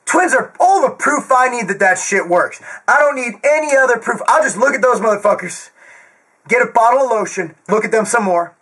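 Brash male fitness host, yelling and swearing straight to camera, very high-pitched and wildly swinging, husky edge. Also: lively intonation, moderate pace, rough recording. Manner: loud, screaming, profane and brash; jokey, crude asides. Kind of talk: ranting direct-to-camera monologue.

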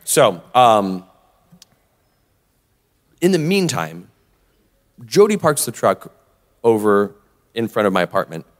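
A man telling a story on a live podcast, his pitch rising and falling all through. His voice carries a long, echoing reverb from a convention hall. He acts out both sides of every exchange he recounts. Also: sing-song, slow pace, long pauses. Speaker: podcast co-host.

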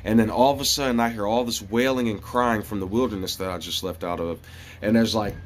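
Man, low voice, rambling, earnest, hushed at times, faint background noise. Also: a little fast. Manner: rambling and earnest, with many fillers and restarts. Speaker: vlogger. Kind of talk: casual spiritual monologue.

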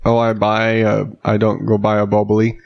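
A man's voice: on the low side, monotone, a little fast, gravelly, lo-fi sound. A man co-hosting a podcast in casual chat, rambling and acting out little quoted asides, with the odd swear. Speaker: podcast co-host, father of four.

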